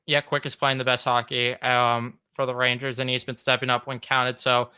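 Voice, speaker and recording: A man's voice: mid-range voice, little pitch movement, moderate pace, pushed and bright, clear, resonant tone. A young man hosting a casual sports podcast, given to mock-dramatic, theatrical rants. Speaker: podcast host.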